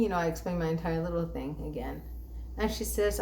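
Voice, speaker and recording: A woman's voice: on the low side, brisk, darkish tone, a little hiss or hum. Irritated woman ranting about a phone call. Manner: irritated, exasperated storytelling with quoted dialogue. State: sleep-deprived. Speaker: dissatisfied bank customer. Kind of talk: ranting vlog monologue.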